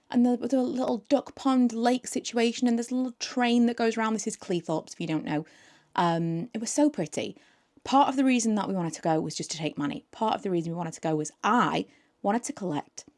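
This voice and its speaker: A woman's voice: on the low side, a little mellow. A woman, chatting casually and rambling to camera in a vlog. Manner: chatty and rambling, with frequent fillers. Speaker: vlogger.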